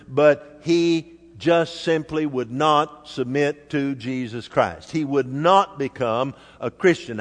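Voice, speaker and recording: Older guy preaching a sermon, slow emphatic lists, long echo off the church hall. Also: a little high. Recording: reverberant hall.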